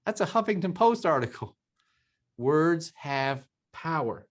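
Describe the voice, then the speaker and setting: A man's voice: fairly high pitch, big pitch swings, a little slow. A man co-hosting a motivational talk show, speaking emphatically, quoting scripture and repeating phrases for emphasis. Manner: emphatic, preachy, quotes scripture.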